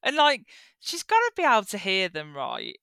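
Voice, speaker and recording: A woman's voice: medium pitch, huge pitch swings, normal speed, pushed and bright, clear, resonant tone, dry recording. A woman guest co-hosting a podcast in casual chat, giggling often and chiming in with short agreeing replies. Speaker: guest co-host.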